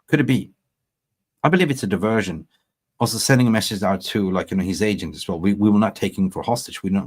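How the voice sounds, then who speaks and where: Rambling, animated football livestream host man. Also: fairly low pitch. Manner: animated, rambling, laughs at own jokes. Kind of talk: casual livestream chat.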